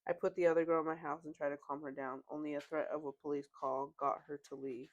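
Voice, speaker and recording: Low-voiced woman reading stories aloud. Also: little pitch movement, fast, muffled recording. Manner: conversational, reads posts aloud with laughs and fillers. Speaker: podcast host.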